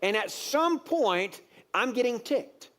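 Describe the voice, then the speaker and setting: Male pastor, higher register; preaches through a personal story, building to emphatic exasperated peaks. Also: takes it slowly. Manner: storytelling, grows animated and exasperated with rising emphasis; many fillers and repeated words. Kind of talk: sermon.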